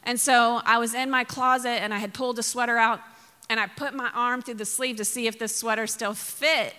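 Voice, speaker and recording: A woman's voice: on the high side, fairly even intonation, fairly quick, pushed and bright, clean tone, big-room sound. A woman pastor from Mississippi preaching a sermon, telling funny stories with laughs and sudden emphatic bursts.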